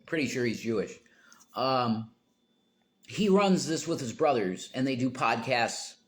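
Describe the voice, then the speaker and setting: A man's voice: medium pitch, expressive, a little slow. A man talking to viewers on his livestream in a rambling, tangent-prone way, breaking into emphatic outbursts.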